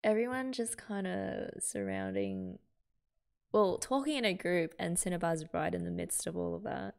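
A woman's voice: on the low side, sing-song, moderate pace, gravelly, a little mellow, smooth. An Australian woman hosting a manga reaction, casually thinking aloud and correcting herself as she goes. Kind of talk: casual reading and reaction commentary.

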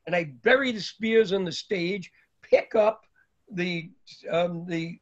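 Unhurried and high-pitched, the guest speaker is an older man from New York spinning a long, meandering tale about his early years, with many fillers. The audio has a dull, lo-fi quality.

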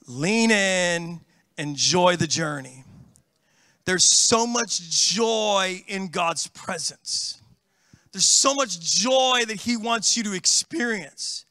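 Animated, bright-voiced middle-aged pastor. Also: male voice, high voice, no room sound. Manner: animated storytelling, calls out to the congregation. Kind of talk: sermon. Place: church.

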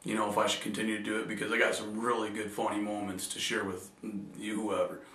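A man's voice: lowish voice, level tone, fast talker, sharp tone, a little hiss or hum. A man talking casually to camera, telling a funny story in a loose, joking way. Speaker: vlogger. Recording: echoey room, distant mic.

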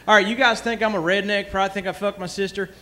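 A man's voice: sits high, fairly even intonation, quick pace, pushed and bright. A man talking on a comedy roast stage, rowdy, crude and boastful, swearing constantly into a handheld mic. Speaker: guest fighter at a comedy roast. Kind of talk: profane improvised stage banter. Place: comedy club stage with live audience.

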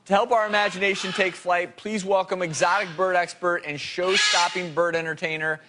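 A man's voice: high-pitched, flat delivery, normal speed. A man hosting a TV talk show, introducing a guest and asking him questions in an upbeat presenter's manner. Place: TV studio with live audience. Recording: TV studio with loud audience and background noise.

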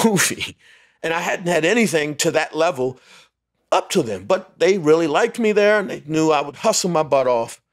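Laughing man telling a story. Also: a little high. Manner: animated storyteller, laughs often, quotes others. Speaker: podcast guest. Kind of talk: storytelling interview.

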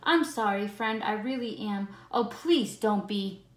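A friendly, clumsy young monster, put on by a woman reading aloud speaks in bouncy sing-song rhymes, eager to please. The voice sits a little higher and louder than her usual reading voice and comes out at an unhurried pace. It echoes around a roomy space. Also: lightly acted. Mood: apologetic. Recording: roomy echo.

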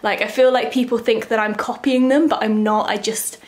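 A woman's voice: a little high, fairly even intonation, moderate pace. A young woman, chatting casually to camera as a vlogger, rambling and full of filler words.

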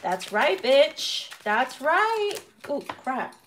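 A brash, profane tarot reader laughs often while giving a casual reading, animatedly acting out the reactions she quotes. Her fairly high voice is unhurried and growing worn as she loses it. There's a little hiss or hum.

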